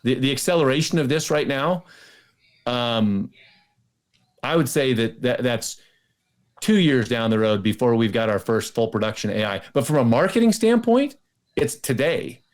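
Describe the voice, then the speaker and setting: A man's voice: medium pitch, animated, normal speed. A man as a guest in an interview, talking casually and eagerly, often restarting and repeating words. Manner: enthusiastic, many restarts and repetitions.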